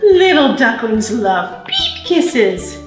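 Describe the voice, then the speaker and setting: High, sing-song woman reading to babies. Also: very animated, takes it slowly, echoey room, soft background music. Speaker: children's librarian. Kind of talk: baby storytime reading and singing. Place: library room.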